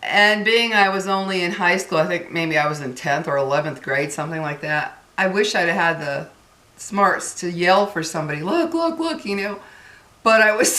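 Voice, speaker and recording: A woman with a fairly low voice tells her viewers a personal story in an earnest, casual way, calling them "guys". Her voice rings with a noticeable room echo. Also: sharp tone. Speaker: vlogger. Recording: echoey room.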